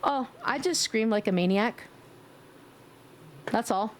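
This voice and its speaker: A woman streamer chatting casually with her viewers in a playful way, now and then slipping into squeaky baby talk and screams. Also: slow pace, a little hiss or hum. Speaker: livestreamer. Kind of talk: casual live-stream chat.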